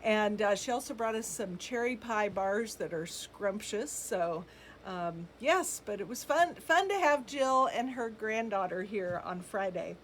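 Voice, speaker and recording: A woman's voice: mid-range voice, expressive, a little slow, a little hiss or hum. A middle-aged woman hosts a live shopping stream, chatting casually, greeting viewers by name and reading their comments with frequent ums and laughs. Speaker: boutique live-sale host.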